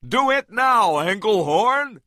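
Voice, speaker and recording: A man voicing a greedy, obsessive filmmaker who shouts urgent demands. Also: sits high, very animated, slow, dry recording, studio quality, voice pushed up, exaggerated voice.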